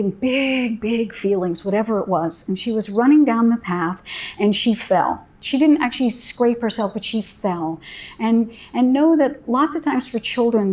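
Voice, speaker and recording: A woman parent educator telling a story to parents in a gentle, soothing way, with soft pauses. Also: mid-range voice.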